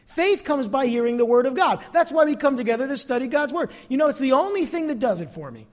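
A man's voice: very high voice, sing-song, fast, hardly any pauses, big-room sound. Pastor guy preaching, voice swoops up and down a lot, calls for amens. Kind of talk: sermon.

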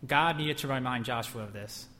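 A man's voice: medium pitch, normal speed, pushed and bright, slight background noise. A man preaching a sermon in a church, emphatic, asking the room questions and acting out whispered lies. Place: church hall. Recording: long hall reverb.

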